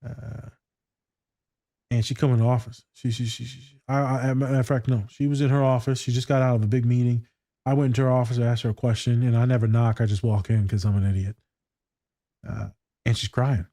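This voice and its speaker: A man with a dark, mellow voice talks loosely and swears freely, sliding into stories from his own life. He is recorded close and dry, with almost no room sound. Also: medium pitch, steady tone, a little fast, dry recording. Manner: profane, slangy, storytelling. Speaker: podcast co-host and school therapist. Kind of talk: casual chat reacting to a TV scene.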